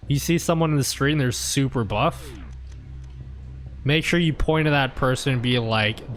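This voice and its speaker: Slow-talking Australian man. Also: medium pitch, a little hiss or hum. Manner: relaxed, rambling, many fillers and throat clearing. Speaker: game streamer. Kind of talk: casual chat while playing.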